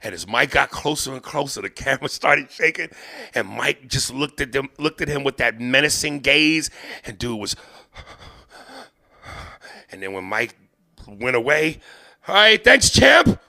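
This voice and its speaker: A man hosting a podcast, spinning comic stories with lots of swearing and acting out the characters in them. His voice is gravelly, with a bright, forceful edge. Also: medium pitch, moderate pace, pauses often. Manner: animated, profane, acts out the people in his stories. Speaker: podcast host. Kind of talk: comedic storytelling.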